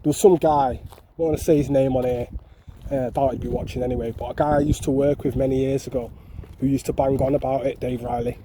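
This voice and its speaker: A man's voice: mid-range voice, fairly even intonation, quick pace, background noise. A man with a Mancunian accent chatting to his viewers in a casual, jokey walking vlog outdoors, swearing freely. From North West England. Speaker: vlogger. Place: outdoor parkland.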